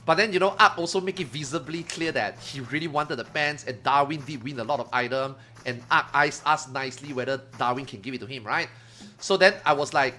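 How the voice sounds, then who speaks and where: A man streaming, telling a story to his chat in a casual, animated way, swearing and loudly acting out what others said. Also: fairly high pitch, a little fast, soft background music. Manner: animated retelling, acts out quotes loudly, swears, laughs.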